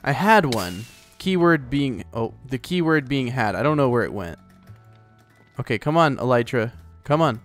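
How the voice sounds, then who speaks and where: A man's voice: medium pitch, very animated, normal speed, soft background music. A man hosting a let's play, chatting casually and rambling as he plays, often talking to the animals in the game. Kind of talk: casual gameplay commentary.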